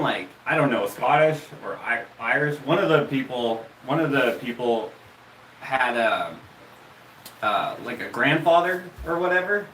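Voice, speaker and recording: A Canadian man hosting a casual live stream, pitch in the middle, his story full of stops and restarts. He is some way from the mic and the room rings around him. Faint noise hums underneath. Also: fairly bright tone, echoey room, far from the mic, poor audio. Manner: halting, many restarts and fillers, laughs often.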